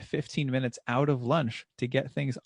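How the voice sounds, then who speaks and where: Gravelly man telling a track story. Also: medium pitch, normal speed, no echo. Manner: storytelling, animated when quoting people. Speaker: podcast co-host and driving instructor. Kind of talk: casual chat.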